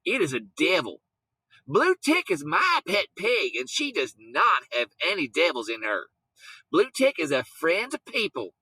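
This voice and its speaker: A man's voice: fairly high pitch, huge pitch swings, measured pace, sharp tone, husky, dry recording, pitched above the performer's own voice, exaggerated voice. A man doing an earnest young farm girl.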